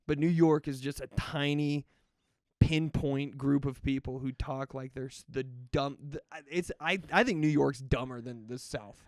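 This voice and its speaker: A man's voice: mid-range voice, fairly even intonation, normal speed, a little mellow, no room sound, clean studio sound. A man co-hosting a comedy podcast, telling rambling stories full of profanity in casual banter. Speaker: podcast co-host.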